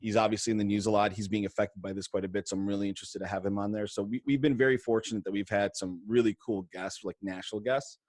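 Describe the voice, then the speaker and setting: A mortgage lender chatting casually in an interview on a video call from his home podcast studio, quick and loose with lots of fillers and restarts. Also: lowish voice, steady tone, darkish tone, no room sound.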